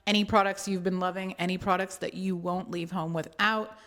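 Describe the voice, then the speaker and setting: Chatty woman vlogger, slightly low voice. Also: level tone, brisk, fairly bright tone. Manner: playful and chatty, with joking asides. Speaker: beauty and travel vlogger. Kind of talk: casual chatty product walkthrough.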